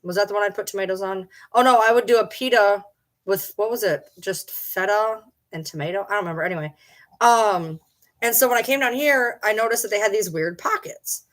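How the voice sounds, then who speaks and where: A Michigan streamer speaks fairly quickly in a mid-range voice, chatting loosely with viewers and rambling between topics. Casual and teasing, she baby-talks her pets and fondly scolds her pet in between.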